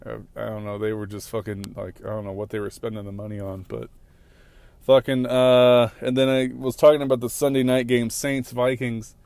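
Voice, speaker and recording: A man's voice: mid-range voice, level tone, normal speed, creaky, clean tone, no room sound. A young man, hosting a casual solo podcast from his car, rambling with constant profanity and flaring into angry outbursts. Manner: profane rambling, flares into shouting at other drivers. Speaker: podcast host. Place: in a car on city roads. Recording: faint traffic noise from a car.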